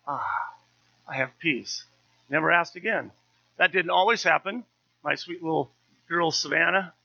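A man's voice: fairly high pitch, creaky, muffled recording. A man in his fifties, a pastor preaching a sermon in a conversational, story-telling way with touches of humour.

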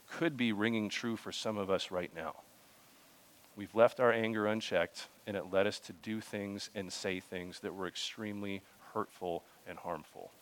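A young man preaching a sermon in a conversational way, reading scripture and talking to the congregation with frequent restarts and asides. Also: sits low. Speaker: pastor.

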